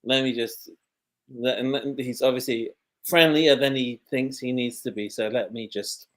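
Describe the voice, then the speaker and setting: A man's voice: medium pitch, steady tone, normal speed. A man with a London accent, talking in a casual conversation, blunt and rambling, with many false starts. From London, England.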